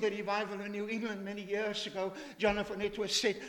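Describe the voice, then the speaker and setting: An older male pastor delivers an emphatic sermon in a fairly high voice, pressing his listeners with rhetorical questions. His words ring out in a church hall with a long, lingering reverb. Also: monotone, quick pace, few pauses, fairly bright tone. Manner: emphatic, asks rhetorical questions, quotes scripture.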